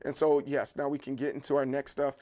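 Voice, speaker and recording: His delivery is flat but fairly quick, and his medium-pitched voice has a warm tone. The man hosts a casual livestream from his home kitchen, walking with a handheld camera and rambling chattily straight to his viewers.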